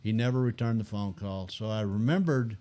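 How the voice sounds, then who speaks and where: An older man telling animated anecdotes as a guest in a casual chat, acting out other people's lines. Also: on the low side, fairly quick.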